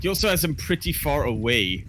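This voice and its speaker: Animated, bright-voiced male game caster. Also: mid-range voice, fairly quick, soft background music. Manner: excitable, jokey banter. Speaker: esports caster. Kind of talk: live game commentary.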